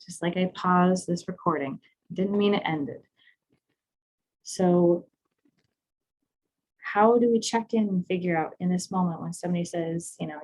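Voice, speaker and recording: A woman's voice: fairly low pitch, measured pace, pauses often, darkish tone, poor audio. A woman leading an intimacy class from home, talking frankly and casually. She laughs easily as she explains and guides the listeners through breathing. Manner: candid, laughing, conversational. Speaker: sex and intimacy coach.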